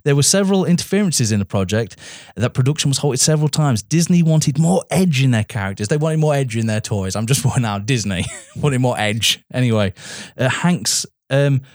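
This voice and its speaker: British male podcast co-host, brisk and animated, dry close sound, cheeky tone. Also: mid-range voice, no echo. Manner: lively, jokey, says mate. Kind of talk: casual film chat.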